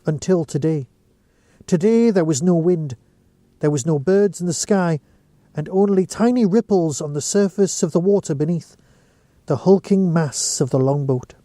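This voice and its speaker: A man reads a short story aloud at a steady storytelling pace. His voice is high for a man and mellow in tone. The recording is dry and close. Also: no echo. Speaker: narrator.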